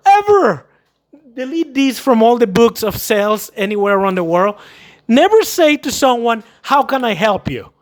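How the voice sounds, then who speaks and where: A man talking casually and emphatically to camera about customer service, acting out little scenes as he goes. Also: extremely high pitch. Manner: animated, acts out quotes, emphatic. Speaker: vlogger giving sales advice. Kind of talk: casual advice monologue.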